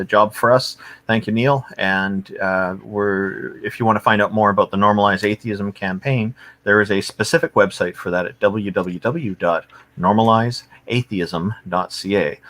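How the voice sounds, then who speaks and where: Earnest Canadian man with a bright voice. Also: lowish voice. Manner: halting, many uh fillers, earnest. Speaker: guest promoting atheism organization. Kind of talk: casual livestream chat. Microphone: video call.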